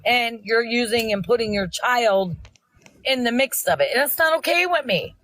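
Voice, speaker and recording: Middle-aged woman, high voice, scolding nonstop on a live stream, keeps repeating herself. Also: expressive, normal speed, fairly bright tone, poor audio. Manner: insistent, repetitive, scolding. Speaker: livestream guest confronting host. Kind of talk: heated livestream confrontation.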